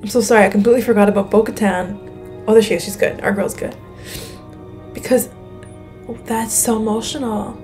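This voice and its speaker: A young woman reacting out loud to a show, gasping and thinking aloud as she watches. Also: medium pitch, steady tone, fairly quick, pauses often, soft background music. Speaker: reaction video host. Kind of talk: live reaction commentary.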